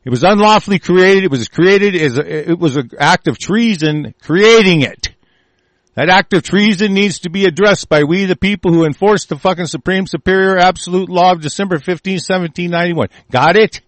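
With a voice that sits high and a moderate pace, a man from the United States rants angrily about politics, cursing and shouting threats in a fury. There's no echo.

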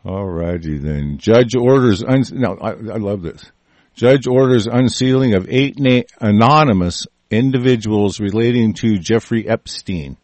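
A man's voice: on the low side, unhurried, a little mellow, no room sound. A man hosting a show, ranting angrily about the news, with constant swearing and many restarts. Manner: angry, crude, swearing constantly, repeats and restarts. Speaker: show host. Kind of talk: profane political rant.

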